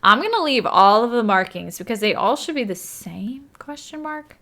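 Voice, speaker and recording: A young woman talks through a video game session in a casual, think-aloud way. She counts under her breath, second-guesses herself and says sorry often, with a voice of middling pitch. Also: sing-song, moderate pace, bright, forceful tone. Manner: thinks aloud, counts tiles, apologetic and chatty. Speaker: gaming YouTuber. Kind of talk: casual let's-play commentary.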